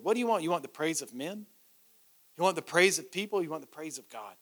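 A middle-aged male pastor delivers a sermon in a high, bright voice. He talks conversationally and slips into short acted-out prayers and bits of dialogue. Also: lively intonation, fairly quick. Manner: conversational preaching, acts out quoted prayers and dialogue. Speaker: lead pastor.

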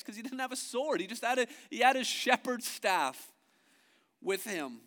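A male pastor preaching a sermon who moves from low, slow emphasis to loud, rising passages. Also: lively intonation, long reverb tail.

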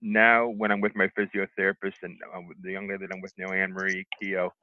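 Low-voiced middle-aged guy on a tinny phone line, keeps restarting his sentences, dry sound. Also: monotone, dry recording. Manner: halting, with many restarts and fillers. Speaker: stroke survivor interviewee. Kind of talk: telling his own recovery story.

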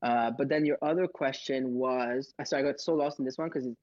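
A man hosting audio rooms, telling stories in a rambling, excitable way and acting out sounds. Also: mid-range voice, brisk, dry recording. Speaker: host of social audio rooms. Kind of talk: casual storytelling answer. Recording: dull, dry audio.

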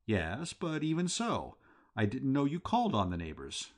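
Man doing jaunty young gentleman. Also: medium pitch, wildly swooping pitch, normal speed, pitched above the performer's own voice. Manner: jaunty, bluff and talkative. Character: breezy young English gentleman, chatty and confident.

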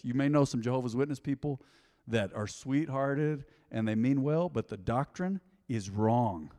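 A pastor preaching a sermon, swinging between loud emphasis and hushed asides. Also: male voice, mid-range voice, long reverb tail. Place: church hall.

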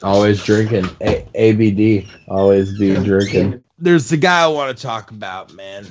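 A man's voice: on the low side, moderate pace, highs cut off, background noise. A man co-hosting a casual chat, laid-back and profane, calling others dude and man. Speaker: podcast co-host.

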